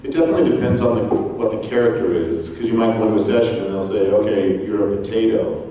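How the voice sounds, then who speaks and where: A man, a voice actor on a convention panel, telling anecdotes in a relaxed way with chuckles. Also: fairly low pitch, racing, recorded from a distance, background noise. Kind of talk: casual panel talk. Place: large convention hall. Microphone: far from the camera mic. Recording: echoey hall recorded from the audience.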